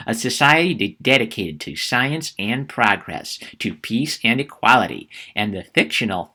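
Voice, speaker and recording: A man's voice: medium pitch, pushed and bright, full character voice. A man putting on a mocking millennial voice to read a review aloud, sentimental and overwrought. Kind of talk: sarcastic quoted reading.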